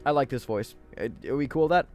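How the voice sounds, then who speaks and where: A man's voice: medium pitch, fast, a little mellow, soft background music. A man streaming a role-playing game, chatting casually and self-deprecatingly with his viewers.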